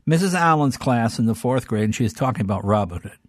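A man's voice: mid-range voice, fast, dry recording, clean studio sound. An older man, a talk-show guest, telling childhood stories in casual conversation and slipping into voices. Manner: animated, fond of doing voices.

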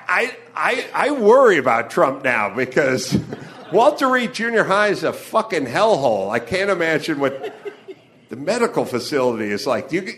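A man's voice: on the high side, fairly bright tone. A man from the Los Angeles area performing a stand-up comedy monologue live on stage, ranting with profanity and wry asides.

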